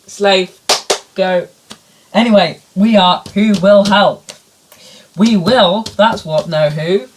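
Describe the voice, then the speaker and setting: A man voicing a loud, boastful male helpline team leader who keeps fumbling his own catchphrase. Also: sits high, slow, pauses often, pitched above the performer's own voice. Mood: bossy, muddled.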